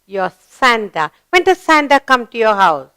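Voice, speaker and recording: A woman's voice: on the high side, big pitch swings, a bit bright, smooth, no echo. A woman teaching a grammar lesson for young children, coaxing them along by asking questions and answering them herself. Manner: slow, coaxing, asks and answers her own questions.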